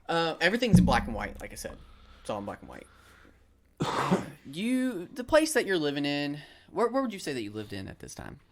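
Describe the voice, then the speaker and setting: A man's voice: fairly high pitch, wildly swooping pitch, fairly quick. A man running a tabletop game as game master, narrating in a casual, rambling way with frequent laughs.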